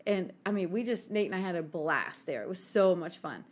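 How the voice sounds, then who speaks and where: A woman co-hosting a podcast, telling a story in an animated, giggly way and acting out the quotes. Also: on the low side, brisk. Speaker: podcast co-host. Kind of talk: casual storytelling chat.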